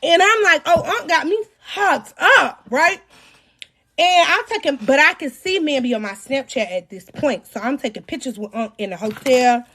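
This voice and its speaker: A woman telling an animated, profane personal story in a storytime vlog, breaking into dramatic shouts. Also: high voice, moderate pace.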